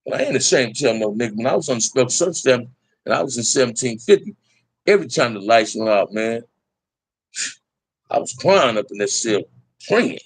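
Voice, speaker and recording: A man's voice: mid-range voice, lively intonation, fairly quick, long pauses, husky, dry recording. Man, middle-aged, street slang, candid storytelling, mid-range voice, dry close sound. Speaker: podcast guest telling prison stories. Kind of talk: casual storytelling to a live chat.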